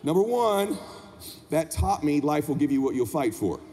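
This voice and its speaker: A man telling a story onstage at a convention, animated and emphatic, acting out the people in it. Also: a little high, moderate pace. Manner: animated, emphatic, acts out characters. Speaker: motivational speaker. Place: large convention hall. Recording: hall reverb with faint ambience.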